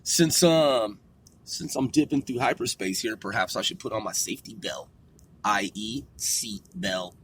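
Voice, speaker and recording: A man's voice: fairly low pitch, unhurried, fairly bright tone, slightly rough. A man hosting a rambling solo talk from a car, loose and profane, laughing at himself. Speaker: podcast host.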